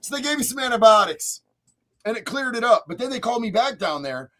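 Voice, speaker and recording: A male streamer tells crude stories in a profane, boisterous way. His voice runs high for a man and leaps all over the place, jumping from loud bursts down to low mutters. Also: very animated, fast talker. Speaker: streamer host. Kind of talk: crude comedic storytelling on a livestream.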